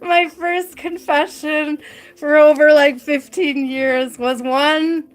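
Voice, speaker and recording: A young adult woman with a fairly high voice tells a long personal story on her live tarot stream. She talks casually and laughs often. Her speech is full of "like" and "right?". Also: steady tone, slow. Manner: chatty, laughs often, many "like" fillers.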